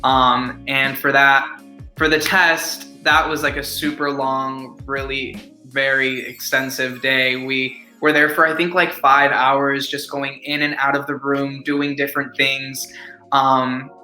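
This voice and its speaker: A man's voice: mid-range voice, flat delivery, slow pace, bright, forceful tone. A young man, an actor as interview guest, telling a story in a casual, rambling way with lots of fillers. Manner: rambling, filler-heavy "like", upbeat. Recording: echoey room with faint music.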